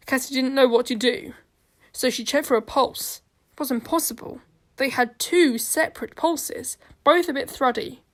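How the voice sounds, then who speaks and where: A woman narrates a homemade audio story with an earnest, steady delivery. Her voice is fairly high, and she reads the scenes aloud without much fuss.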